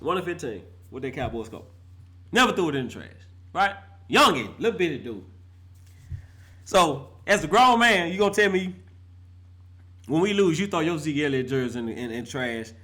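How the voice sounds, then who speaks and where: A man's voice: fairly high pitch, very animated, normal speed, long pauses, bright, forceful tone. A middle-aged man ranting as a fan vlogger, fired up and laughing, heavy on slang and repeating himself for emphasis. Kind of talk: animated fan rant.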